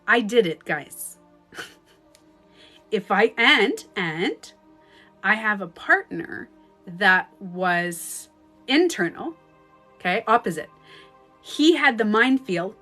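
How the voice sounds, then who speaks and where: A Canadian woman coaching in a casual livestream talk, swinging into sudden loud outbursts. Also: mid-range voice, lively intonation, slow pace, long pauses, faint music behind. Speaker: life coach. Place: at home, streaming live. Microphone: phone.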